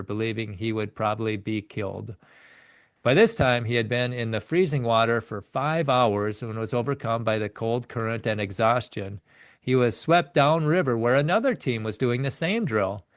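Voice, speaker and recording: A man's voice: on the low side, clean tone, no echo, clean studio sound. A man reading a biography chapter aloud in an earnest way, often stumbling and correcting himself mid-sentence. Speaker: narrator reading a book chapter.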